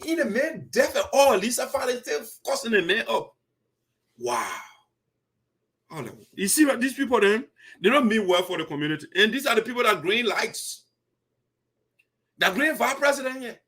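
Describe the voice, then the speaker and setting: Liberian male show host, high-pitched, animated and indignant, chatty commentary. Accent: Liberian English. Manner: animated, laughing, indignant asides. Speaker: host of diaspora community show. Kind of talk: casual commentary.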